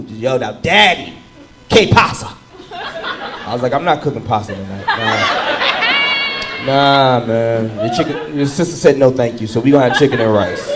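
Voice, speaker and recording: A man in his thirties performing a stand-up comedy set, telling animated stories and shouting into bits. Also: medium pitch, poor audio. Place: comedy club stage with live audience. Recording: live room with loud crowd laughter.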